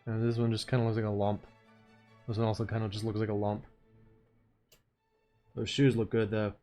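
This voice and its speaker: A man's voice: lowish voice, level tone, a little fast, dark tone, soft background music. A man streaming as he draws, chatting in a rambling, laid-back way and chuckling to himself. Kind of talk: casual chat while drawing.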